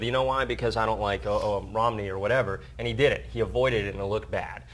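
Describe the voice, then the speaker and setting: A man's voice: on the low side, a little fast, fairly bright tone. A man co-hosting an entertainment news show in a casual, joking way, with a rambling delivery full of fillers and restarts.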